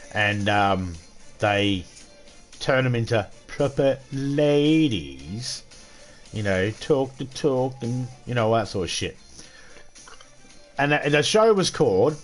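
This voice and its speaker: A man with an Australian accent, streaming a game and ranting crudely with lots of swearing. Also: mid-range voice. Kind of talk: casual gaming livestream rant.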